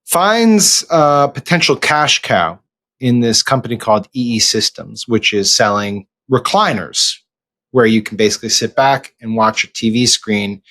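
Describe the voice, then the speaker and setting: A man's voice: medium pitch, animated, measured pace, bright, forceful tone. A man podcast host chatting casually, then reading a sponsor ad with wry asides. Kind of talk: casual chat and read ad.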